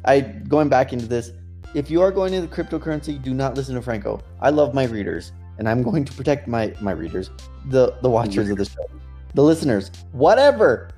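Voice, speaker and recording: A man co-hosting a podcast in casual chat, joking and animated, swearing now and then. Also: mid-range voice, fairly quick, soft background music. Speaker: podcast co-host.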